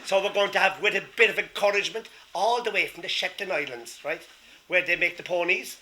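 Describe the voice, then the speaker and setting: A man with an Irish accent telling a comic story live to an audience, lively and playful. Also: high-pitched, fairly quick. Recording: echoey room with faint noise.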